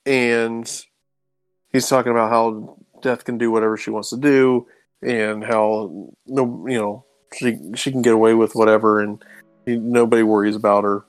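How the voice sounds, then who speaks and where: A man walks through a comic's plot in easygoing podcast chat at a medium pitch. He tosses off quick paraphrases of what the characters say and laughs easily along the way. His voice is recorded close and dry, with no room sound. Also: no echo. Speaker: comic book podcast co-host. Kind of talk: casual chat recapping a comic.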